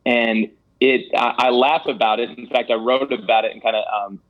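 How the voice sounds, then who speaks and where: A man's voice: mid-range voice, steady tone, moderate pace, muffled recording. A man giving candid personal testimony as an interview guest, earnest and self-deprecating, with some stammered restarts. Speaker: guest telling a ministry story.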